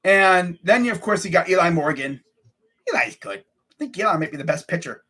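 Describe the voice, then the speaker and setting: A man's voice: sits high, lively intonation, brisk, bright, forceful tone, breathy edge. A young man hosting a casual sports rant, exasperated and repeating himself as he vents. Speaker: sports channel host.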